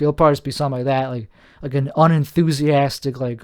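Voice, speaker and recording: A man's voice: on the high side, steady tone, fairly quick, a little mellow, clear, resonant tone. A tired man rambling on his solo podcast at home, meandering, self-deprecating and often trailing off mid-sentence. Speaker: podcast host.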